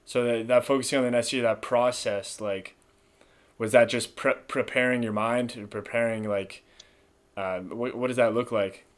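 A man interviewing a guest, asking questions in a halting way as he searches for words. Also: medium pitch, steady tone.

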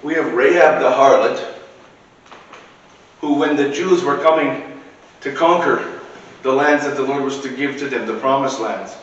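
A man's voice: medium pitch, fairly bright tone, lo-fi sound. A man preaching a sermon in a church, in a conversational way with casual asides. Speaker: priest. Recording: echoey church recording from far off.

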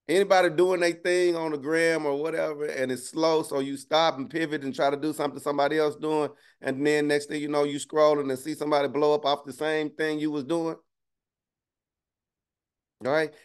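A man's voice: on the high side, smooth. Man preaching a loose, chatty sermon. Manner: conversational, keeps asking "right?"; slangy, joking asides. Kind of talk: casual livestreamed sermon.

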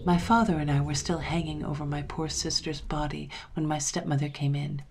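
Woman storyteller, low and gravelly, measured dramatic gothic reading. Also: little pitch movement, a little mellow, slight background noise. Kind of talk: scripted narration of a gothic tale.

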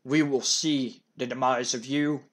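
A man voicing a sinister wrestler villain who speaks for a dark lord, talking slowly and ominously. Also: fairly even intonation, natural voice. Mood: menacing. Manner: slow, booming, ominous delivery.

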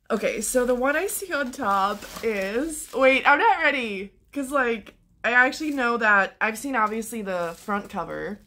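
A young woman chatting casually in a book vlog, excitable and gushing, swearing often. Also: a little high. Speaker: book vlogger.

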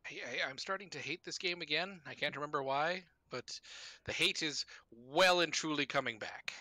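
A man's voice: on the high side, normal speed, pushed and bright, dry recording. A young man gaming with friends, grumbling sarcastically and swearing often. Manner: grumpy, sarcastic, swears a lot. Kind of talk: casual gaming chat.

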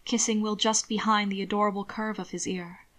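A woman narrating fan fiction aloud in a soft, steady storytelling manner. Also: mid-range voice, brisk.

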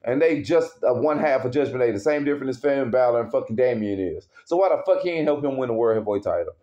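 A man's voice: mid-range voice, animated, fast, dark tone. A man angrily ranting as a wrestling fan, heavy with profanity and worked up. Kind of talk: casual rant. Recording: dull lo-fi recording.

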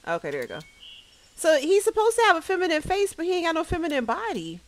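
Lively, animated woman gaming streamer. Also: very high-pitched, fast, rough recording. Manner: animated, laughs often, talks to viewers. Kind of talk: casual gaming commentary to chat.

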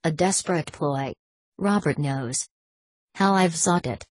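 A woman's voice: sits low, slow, husky, no room sound, heavily acted. A woman voicing a stern, wary older male scholar in an audiobook, cold and formal.

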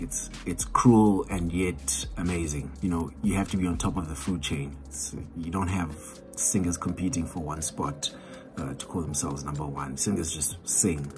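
A South African man, an independent hip hop artist, chatting candidly and rambling in a casual vlog recorded on a cell phone at home. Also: sits low. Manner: rambling, candid and self-deprecating. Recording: music playing in the background.

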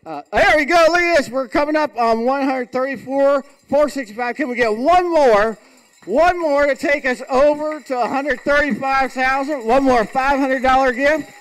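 A man's voice: extremely high pitch, moderate pace. A man hosting a live fundraiser event in a hall, joking around with playful country-boy banter as he calls out giving levels. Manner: joking, playful hillbilly shtick. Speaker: fundraiser auctioneer host. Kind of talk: folksy live fundraiser emcee.

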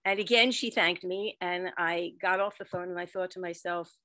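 A woman storyteller telling a personal story expressively, with dramatic swings in loudness. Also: fairly low pitch, steady tone, moderate pace, no echo. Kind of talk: storytelling performance.

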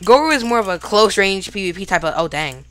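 A woman giving live gameplay commentary, excitable and casual, talking to herself and shouting at big plays. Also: medium pitch, fairly quick, no echo. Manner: casual slang, talks to self while fighting. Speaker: gaming YouTuber.

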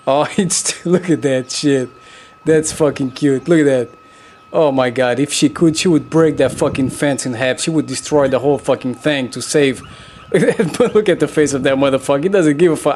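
A man giving casual, profane commentary over a video, excitable and chuckling, constantly telling the viewer to look. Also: mid-range voice, normal speed.

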